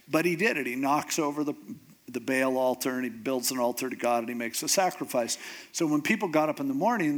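A man's voice: fairly high pitch, fairly bright tone. A man telling a Bible story casually. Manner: conversational storyteller, acts out the characters.

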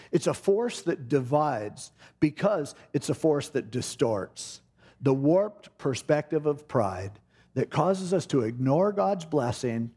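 A middle-aged man preaching a sermon, telling a personal story with animated delivery and acting out the voices in it. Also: medium pitch, breathy edge. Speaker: pastor.

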